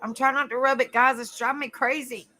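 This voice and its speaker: A woman hosting a livestream, chatting to viewers and telling a rambling, animated story. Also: high voice, fairly quick, poor audio. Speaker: livestream host. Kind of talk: casual live-chat storytelling.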